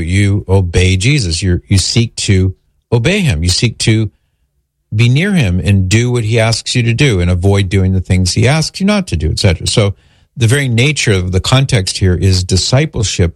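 A man's voice: lowish voice, lively intonation, moderate pace, no room sound, studio quality. A man hosting a call-in religious Q&A, answering a caller's question in an earnest, explanatory way and citing scripture.

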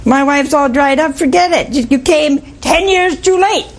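A woman's voice: high-pitched, normal speed. A woman voicing an exasperated old man who bluntly brushes off a promise from God. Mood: dismissive. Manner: blunt, dismissive.

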